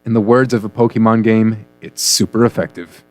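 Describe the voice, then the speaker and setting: A man's voice: on the low side, level tone, fairly quick, no echo, faint music behind. A man co-hosting a comedy news radio show, joking and punning through the stories. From United States. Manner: jokey, punning, playful delivery.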